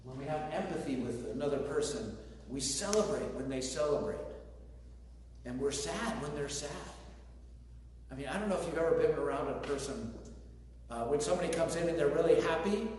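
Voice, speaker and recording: A man preaching a sermon in a relaxed, conversational way, slipping in light jokes. His voice rings out in a long, booming reverb from a big hall. He sits well back from the microphone, with a faint hiss under the sound. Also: moderate pace. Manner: conversational, with joking asides. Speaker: pastor. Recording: very echoey hall, distant mic, faint noise.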